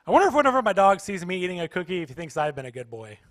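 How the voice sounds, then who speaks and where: A man's voice: high-pitched, sing-song, racing, no echo. A man doing stand-up comedy at a church, playfully teasing the audience. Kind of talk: stand-up comedy with crowd work. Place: church stage.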